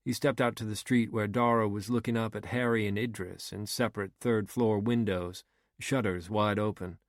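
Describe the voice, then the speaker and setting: A man reading a crime novel aloud in a steady, unhurried narration. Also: lowish voice, no room sound, studio quality. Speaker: audiobook narrator. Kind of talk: scripted narration.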